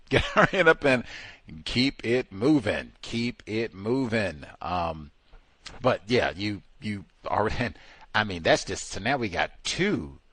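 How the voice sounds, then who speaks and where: A man hosting call-in talk radio, animated and mocking, laughing often as he riffs on a caller's story. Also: on the low side, slow, slightly rough, dry recording. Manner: animated, mocking voices of others, frequent laughter. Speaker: radio show host.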